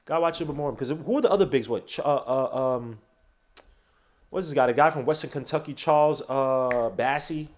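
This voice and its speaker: A man's voice: mid-range voice, fairly quick. A man hosting a basketball podcast alone, talking casually and rambling as he thinks aloud, with many fillers and restarts. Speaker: podcast host. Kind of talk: casual solo podcast talk.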